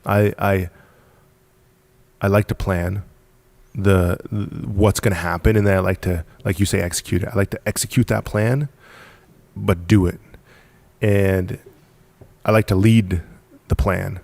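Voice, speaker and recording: Low-pitched and gravelly with a darkish tone, this man speaks a little slowly in a flat delivery, with no echo. A podcast guest and business founder, he casually tells the story of starting his business, emphatic, repeating words, and laughing often.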